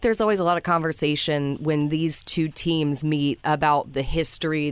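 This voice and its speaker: Smooth low-voiced woman radio host. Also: no room sound. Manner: long, flowing questions. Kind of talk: radio sports talk.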